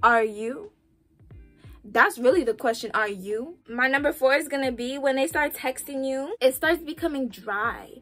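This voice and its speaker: A young woman vlogging casual relationship advice, sassy and animated, talking straight to the viewer. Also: sits high, normal speed, few pauses, faint music behind.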